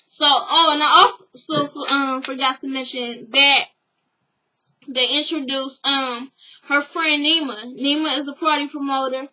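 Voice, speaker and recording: A woman's voice: sits high, measured pace, poor audio. A woman casually recapping a show for her vlog, blunt and profane, acting out what people said. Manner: animated storytelling, blunt and profane, acts out quotes.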